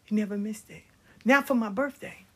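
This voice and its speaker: A middle-aged woman telling stories about her life in a casual, blunt and animated way, swearing freely. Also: mid-range voice, moderate pace, breathy edge. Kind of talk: casual storytelling.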